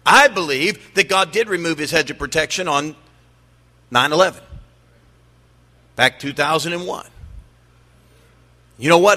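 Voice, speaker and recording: A man's voice: fairly high pitch, measured pace, pauses often, bright, forceful tone. A middle-aged man preaching a sermon as pastor, emphatic, rising and dropping his voice to drive home his points. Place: church sanctuary. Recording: long reverb of a large hall.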